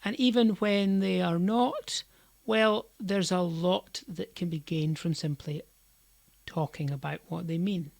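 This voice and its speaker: A woman teaching a language lesson, explaining slowly and deliberately and stressing words in her example sentences. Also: fairly low pitch, fairly even intonation, vocal fry, a little mellow, dry recording.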